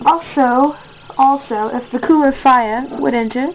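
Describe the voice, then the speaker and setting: A woman's voice: high voice, a little slow, slight background noise. Rambling female contest host, tinny sound. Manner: rambling, with many fillers and self-corrections. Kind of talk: casual home video.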